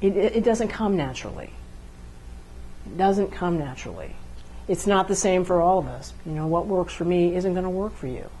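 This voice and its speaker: A woman's voice: on the low side, animated, normal speed, mellow, slight background noise. A woman instructor giving a classroom lecture on communication, repeating key phrases and checking in with her listeners. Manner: acts out couples' dialogue to illustrate.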